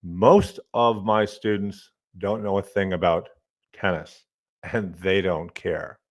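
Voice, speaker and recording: A middle-aged college professor hosts his own podcast, telling casual stories with lively energy in a low-pitched voice at a slow pace. He swears now and then and mutters to himself while fiddling with his desk microphone.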